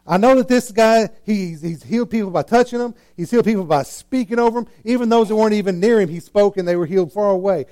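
High, animated preaching man. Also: fast talker, few pauses. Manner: animated storytelling, acting out scenes with swings in loudness. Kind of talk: sermon.

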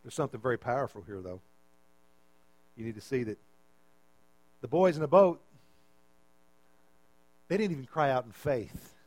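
A man's voice: mid-range voice, normal speed, long pauses, darkish tone, no room sound, low-quality recording. A man preaching a sermon as pastor, emphatic and repeating his phrases as he calls out to the congregation.

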